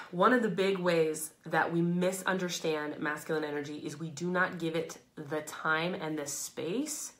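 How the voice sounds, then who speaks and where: A woman's voice: low voice, fairly bright tone. Candid, swearing woman talking to a live stream. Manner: emphatic and candid, swears freely, laughs between phrases. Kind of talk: casual motivational talk to a live audience.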